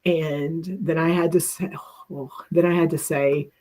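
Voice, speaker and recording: A woman's voice: low voice, fairly even intonation, measured pace, warm tone. A middle-aged woman co-hosting a talk, telling a personal story in an earnest, reflective way and often restarting her sentences.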